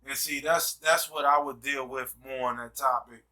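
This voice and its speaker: Emphatic man with a very bright voice, distant mic. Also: medium pitch, steady tone, moderate pace. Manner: emphatic, repeats "you see what I'm saying". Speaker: host. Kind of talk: casual discussion, preacher-like.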